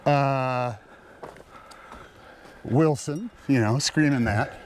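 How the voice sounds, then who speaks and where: A man's voice: mid-range voice, drawn-out words, a little hiss or hum. A man chatting as a guest while hiking an outdoor trail, wry and self-deprecating. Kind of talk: casual chat on a hike.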